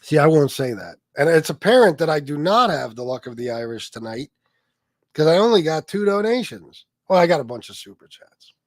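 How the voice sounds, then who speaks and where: A man's voice: a little high, very animated, fairly quick, no echo, clean studio sound. A man hosting a casual livestream, telling stories and talking in a blunt, profane way while answering his chat. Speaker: livestream host reading chat.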